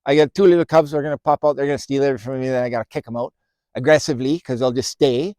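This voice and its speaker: A man's voice: medium pitch, fairly even intonation, quick pace, a little mellow, dry recording, clean studio sound, lightly acted. A man voicing a friendly male grizzly bear who rambles chattily and ends lines with "eh?". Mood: chatty.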